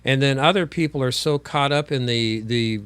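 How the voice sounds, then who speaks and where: A man's voice: mid-range voice, normal speed, fairly bright tone, clear, resonant tone, no echo. A man co-hosting a casual political chat show, rambling and sarcastic with sudden exclamations. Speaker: co-host.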